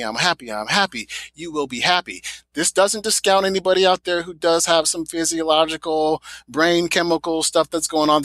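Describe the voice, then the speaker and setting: A man with a bright, forward tone talks with eager conviction as a podcast guest, hammering his points home by repeating them. His voice is close and dry, with no room sound around it. He sounds like a motivational speaker in full flow. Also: a little high, no room sound, rough recording. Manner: emphatic, repeats phrases for effect. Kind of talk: motivational interview talk.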